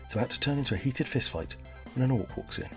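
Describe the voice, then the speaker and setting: A man hosting a comedic podcast, delivering jokes and history in a mock-earnest, deadpan way. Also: mid-range voice, quick pace, over music. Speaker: podcast host.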